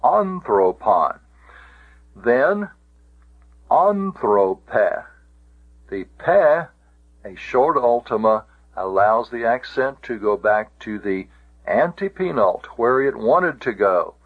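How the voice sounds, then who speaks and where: Guy teaching grammar real slow, repeats stuff, kinda muffled old recording. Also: mid-range voice, big pitch swings. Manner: slow, methodical, spells out letters and repeats words. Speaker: Greek teacher. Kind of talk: recorded classroom lecture.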